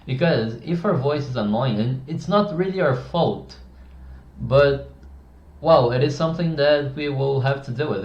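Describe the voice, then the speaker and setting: A man's voice: mid-range voice, expressive, measured pace, a little mellow. Blunt man talking in an echoey room. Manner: blunt, opinionated, with many restarts. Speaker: communication advice creator. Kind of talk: casual talk to camera. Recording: echoey, dull-sounding room.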